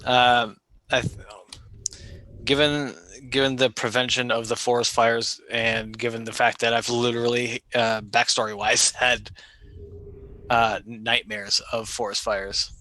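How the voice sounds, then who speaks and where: A man with a bright, forward voice plays a tabletop game. He talks slowly and deliberately, thinking out loud with pauses and "um"s. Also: mid-range voice, little pitch movement. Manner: slow, deliberating, thinks aloud. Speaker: player. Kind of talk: casual tabletop game chat.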